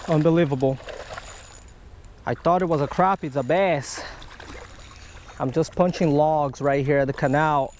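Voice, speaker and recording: A man's voice: fairly high pitch, steady tone, moderate pace, pauses often, a little mellow, a little hiss or hum. A man vlogging a fishing trip outdoors by a canal, explaining as he goes in a chatty way and checking in with "right?". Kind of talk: outdoor fishing vlog narration. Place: outdoors by a canal and creek on a hot day.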